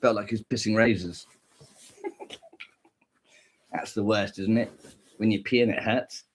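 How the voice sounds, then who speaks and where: A man's voice: on the low side, steady tone, a little slow, slight background noise. A man delivering a comic, mocking rant, giggling often and jumping between silly voices. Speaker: streamer.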